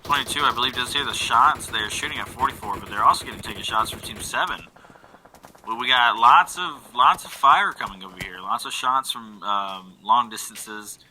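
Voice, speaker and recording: A man giving relaxed play-by-play commentary on an online game match, full of fillers and quick self-corrections. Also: mid-range voice, slight background noise, poor audio. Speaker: esports caster.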